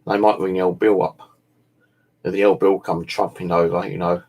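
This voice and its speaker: Tired man, husky, deep, casual meandering vlog chat. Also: little pitch movement, moderate pace, a little mellow. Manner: meandering, full of "you know" and "like", swears casually. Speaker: bushcraft vlogger.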